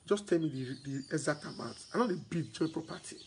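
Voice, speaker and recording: Speaking a little high and fairly quickly with some vocal fry, this Nigerian-accented man delivers a sales broadcast about real estate to his audience. He blends Pidgin with English and repeats points as he turns loud and excited. There's slight background noise, and the audio is poor.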